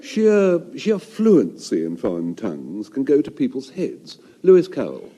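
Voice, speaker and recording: British man, dark and mellow reading voice. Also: mid-range voice, huge pitch swings, a little slow. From Britain. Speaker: co-presenter reading quotations. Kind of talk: scripted comic readings on radio.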